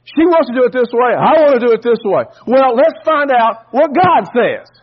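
A man's voice: very high voice, very animated, moderate pace, breathy edge, highs cut off. A man preaching a sermon, telling a folksy story and often repeating and restarting words.

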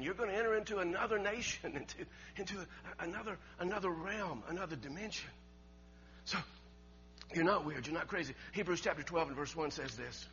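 A middle-aged man, preaching a storytelling sermon. He talks in a folksy way, repeats words, laughs often, and swings from loud to hushed. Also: high voice, lo-fi sound, a little hiss or hum. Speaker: pastor.

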